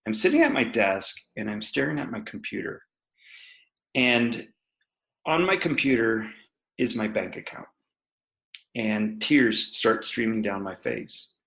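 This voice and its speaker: A man's voice: on the low side, vocal fry, a bit bright, rough recording. A man in his forties, a guest entrepreneur, candidly telling a personal business story in a podcast interview.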